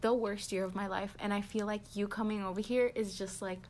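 A woman's voice: mid-range voice, steady tone, brisk, darkish tone, a little hiss or hum. A tipsy young woman co-hosting a podcast, rambling in casual, heartfelt chat and swearing freely. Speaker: podcast co-host.

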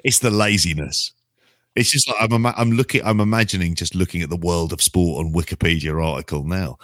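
A man's voice: sits low, a little fast, fairly bright tone, no room sound, studio quality. A man in a casual podcast chat, blunt and sarcastic, swearing freely.

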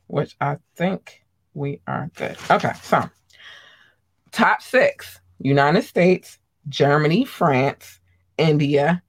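A host of a live streamed show, chatting casually with viewers, excitable and gushing, tripping over words. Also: medium pitch, no echo. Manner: addresses viewers directly, chatty.

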